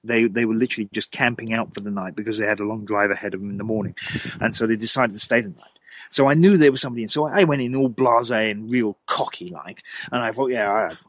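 A man, a guest telling an eerie personal story in a lively, dramatic way. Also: fast, poor audio. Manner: lively, dramatic storyteller with sudden pitch jumps. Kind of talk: animated anecdotal storytelling.

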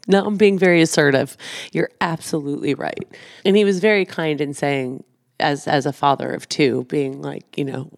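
A woman's voice: very deep voice, normal speed, dry recording, studio quality. A woman co-hosting a podcast, chatting casually with her partner, laughing often and poking fun at herself. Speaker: podcast co-host.

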